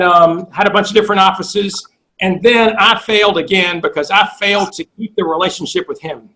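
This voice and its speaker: A man's voice: high voice, pushed and bright, low-quality recording. A middle-aged man and sales coach telling a long personal story in a blunt, profane way, acting out the dialogue he quotes. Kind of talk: storytelling interview guest.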